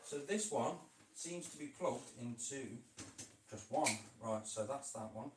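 A male reptile keeper vlogs while he works in an indoor reptile room, rambling chattily and addressing his animals. He speaks with a medium pitch and lively intonation at a measured pace. The mic is distant, the room echoes, and the background is noisy.

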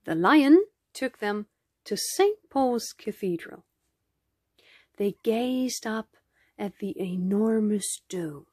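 A woman reading a children's picture book aloud in a gentle, expressive storytelling manner. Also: medium pitch, slow, husky, no room sound, clean studio sound. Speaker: storybook reader.

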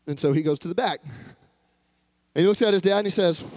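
A man's voice: fairly high pitch, lively intonation, a little fast, a little mellow. A man preaching a sermon, retelling an old story in a chatty, humorous way with playful asides. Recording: long hall reverb.

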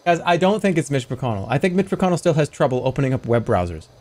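A man's voice: medium pitch, very animated, quick pace, a little mellow. A male streamer chatting loosely with his viewers while he plays. He rambles from joke to joke in a casual, offhand way. His voice sits in an ordinary middle range. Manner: jokey, rambling, slips into silly voices. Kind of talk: casual livestream chat while gaming.

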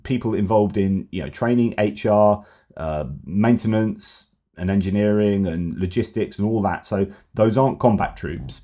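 A middle-aged man hosting news commentary, talking in an animated, argumentative way. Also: fairly low pitch.

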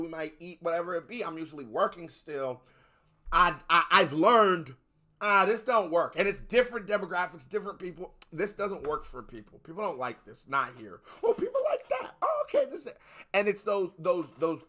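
Animated American guy reacting to music. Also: on the high side. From United States. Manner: animated, swearing, talks over the track. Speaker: reaction video host. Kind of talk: casual reaction commentary.

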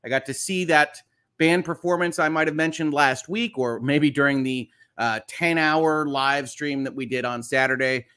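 A man's voice: fairly high pitch, fairly even intonation, normal speed, bright, forceful tone, clean tone. Chatty man hosting a livestream. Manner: chatty, upbeat, reads viewer comments aloud. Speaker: host of a legal news livestream. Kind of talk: casual livestream chat.

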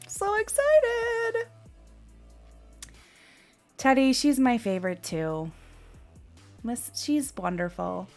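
A woman's voice: high voice, big pitch swings, slow, long pauses, a little mellow, faint music behind. A woman in her thirties streaming a game live, chatting with viewers, laughing often and crying out while she plays.

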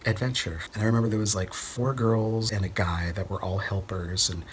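A young man from Central Texas casually telling a personal story, rambling and relaxed with lots of fillers and sighs. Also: on the low side, fairly quick, slight background noise.

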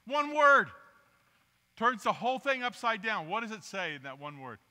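A man preaching a guest sermon, talking with the congregation and asking them to raise their hands, shifting from quiet asides to loud, emphatic bursts. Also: high voice, a little fast. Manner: animated, interactive with the congregation, asks for raised hands. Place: church sanctuary. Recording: long reverb of a church hall.

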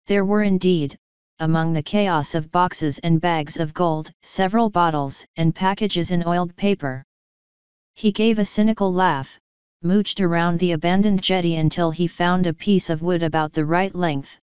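A woman narrating an audiobook in a steady, even storytelling manner. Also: lowish voice, clear, resonant tone, dry recording, highs cut off. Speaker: audiobook reader. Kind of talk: scripted narration.

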